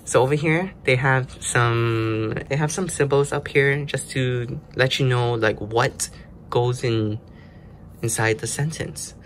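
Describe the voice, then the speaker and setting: Man, mid-pitch, casual lesson host, explains step by step, faint noise behind. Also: takes it slowly, fairly bright tone. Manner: explains step by step, loose and chatty. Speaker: language learner host. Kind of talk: casual self-study lesson.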